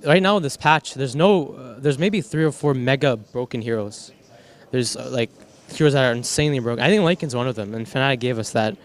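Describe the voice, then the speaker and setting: A man's voice: mid-range voice, a little fast. A young man, a professional gamer, answering post-match questions in a loose, rambling way with restarts and casual swearing. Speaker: professional esports player.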